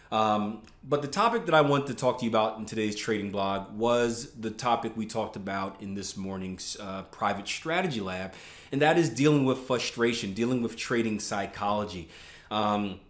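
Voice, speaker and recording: A man's voice: on the low side, echoey room. A man talking as a trading coach in a casual video blog, loose and chatty with many fillers and restarts, recorded outdoors in a garden.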